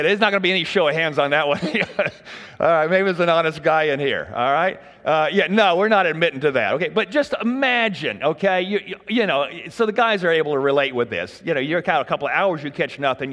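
A man delivering a casual, joking sermon to his congregation, his voice sitting a little high for a man. It rings with the long reverb of a church hall. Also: lively intonation, brisk, fairly bright tone. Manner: folksy, conversational, jokes with the congregation. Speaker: pastor.

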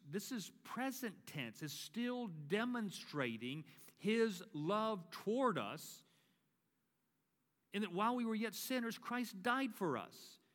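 A man's voice: high-pitched, a bit bright. A male pastor giving a sermon and leading communion. He builds to emphatic preaching and repeats his key phrases. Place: church sanctuary. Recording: long reverb of a large church.

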